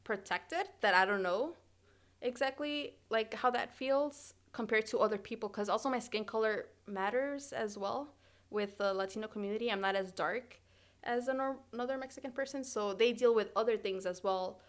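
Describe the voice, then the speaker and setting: A young woman from Chicago, an actor guest on a podcast, talking in a chatty, animated way full of "like". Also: fairly high pitch, moderate pace. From Chicago, United States. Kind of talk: casual interview chat.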